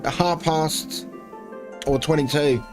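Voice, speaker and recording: A tired streamer talking loosely over his game, rambling and apologizing as he goes. His voice sits somewhat high for a man, with faint game music under it. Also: slow pace. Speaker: gaming streamer. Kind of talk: casual commentary over gameplay.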